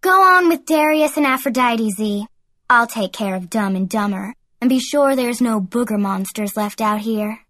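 A friendly teenage girl with a twang, voiced by a woman reading aloud, reassures her best friend in a high, cheerful voice. The recording is dry and close, like a storybook audiobook. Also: moderate pace, breathy edge, no room sound. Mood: reassuring. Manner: warm, reassuring.

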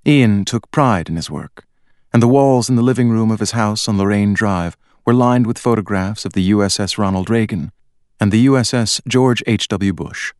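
Male audiobook narrator, low voice, dry close recording, even delivery. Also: dry recording. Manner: measured, even storytelling. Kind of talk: scripted narration.

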